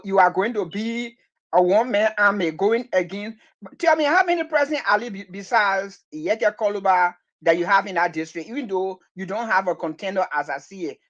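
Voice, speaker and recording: A man hosting an online talk show, with a fairly high voice. He calls out to his guests and often repeats words, and the call audio sounds muffled. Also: fairly bright tone.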